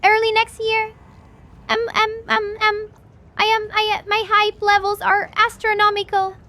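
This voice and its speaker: Woman streamer, very high voice, excitable and gushy, lots of restarts; casual stream sign-off. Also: a little slow. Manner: gushing, excitable, stumbling over her words. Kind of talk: livestream wrap-up chat.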